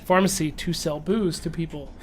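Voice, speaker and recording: A man's voice: a little high, fairly even intonation, normal speed, a little hiss or hum. Joking man playing a tabletop game. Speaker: player. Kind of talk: casual tabletop role-play.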